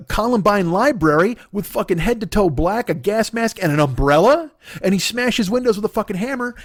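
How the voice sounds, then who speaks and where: A man in his forties ranting in a profane podcast monologue, agitated, sometimes dropping to a mutter and then rising to a shout. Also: sits high, no room sound, studio quality. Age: 40s. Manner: agitated, swearing, swings between muttering and shouting. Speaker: podcast host.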